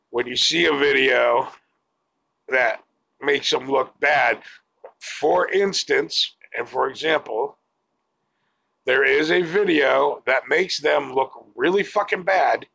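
A man's voice: mid-range voice, gravelly, bright, forceful tone, breathy edge, dull audio. A man giving a blunt, profane opinion rant to camera as a vlogger.

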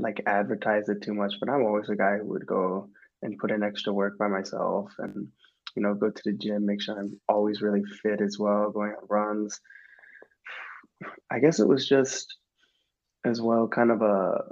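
Young man, from Minnesota, podcast guest, husky, rambling casual talk, muffled lo-fi audio. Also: on the low side, flat delivery, normal speed. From Minnesota, USA. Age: 20s. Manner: loose and rambling, many restarts. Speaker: guest, professional soccer player.

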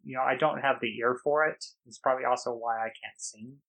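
A man's voice: mid-range voice, fairly even intonation, a little fast, gravelly, a bit bright. A man co-hosting a podcast, chatting casually and in a self-deprecating, rambling way about his improv show. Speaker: podcast co-host and improv performer. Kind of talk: casual chat.

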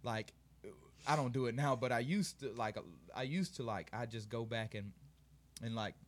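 A man's voice: medium pitch, moderate pace. A man co-hosting a casual podcast chat, rambling with many fillers and frequent laughter. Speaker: podcast co-host.

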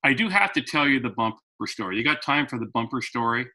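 Man, interview guest, lively anecdotal storyteller, very bright voice. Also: medium pitch, fast talker, poor audio. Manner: animated anecdotal, with frequent restarts. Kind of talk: storytelling in conversation.

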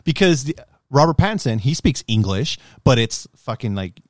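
A man talking in a casual, profane chat, loud and animated, whose voice jumps up high when he gets heated. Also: normal speed, dry recording, studio quality.

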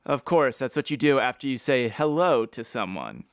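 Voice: medium pitch, expressive, moderate pace, dry recording, clean studio sound. A podcast co-host chatting playfully about a book, reading passages aloud with lots of animation. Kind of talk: casual book-discussion chat.

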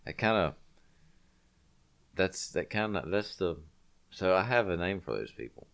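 A man with an extremely deep, smooth, resonant voice talks in a loose, rambling way, often circling back to restart a thought. He sounds congested. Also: very animated, unhurried, fairly bright tone. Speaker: podcast co-host. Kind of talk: casual chat.

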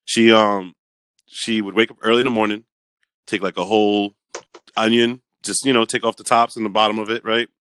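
A man co-hosting a podcast in casual banter, animated and argumentative, explaining at length. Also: low-pitched, clean tone, dry recording. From New England. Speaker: podcast co-host.

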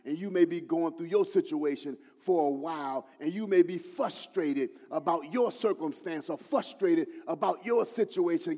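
A man preaching a sermon as pastor. He swings from hushed, low-voiced prayer quotes to loud, half-sung emphasis. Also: moderate pace, in a large hall. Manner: preaching with rising, shouted emphasis and sung phrases; often drops to a low, hushed voice when quoting prayers.

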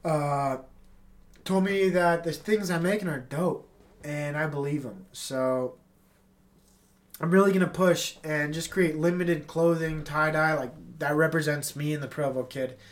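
A man's voice: on the high side, a little slow. A man with a stuffy nose hosting a casual solo podcast from his apartment, rambling and swearing in a laid-back way. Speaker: podcast host. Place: apartment with tenants upstairs.

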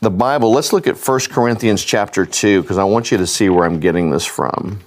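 Low-voiced man preaching, measured and plain. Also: expressive, darkish tone. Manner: reads scripture slowly, then explains in plain everyday terms. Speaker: pastor. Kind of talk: sermon.

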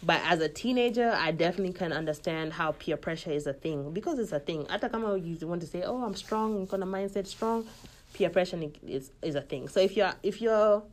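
A woman's voice: on the low side, quick pace, few pauses. A young woman with a Kenyan accent, talking candidly in a casual podcast monologue and switching freely between Swahili and English.

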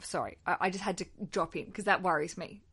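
A woman's voice: lowish voice, fast talker, fairly bright tone, breathy edge. A woman in her thirties with an Australian accent, hosting a podcast in a chatty, effusive way. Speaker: podcast host. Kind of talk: casual podcast chat.

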